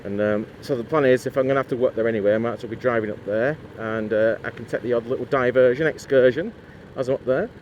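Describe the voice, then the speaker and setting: A man's voice: mid-range voice, fast talker, a little mellow, muffled recording, slight background noise. A man chatting casually to camera for his motorcycle vlog, rambling with lots of asides and fillers. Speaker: motorcycle vlogger.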